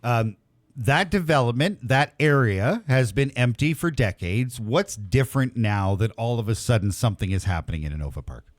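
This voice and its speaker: A man's voice: mid-range voice, lively intonation, moderate pace, no echo, clean studio sound. A man hosting a morning radio interview in a conversational, easygoing way. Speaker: radio host.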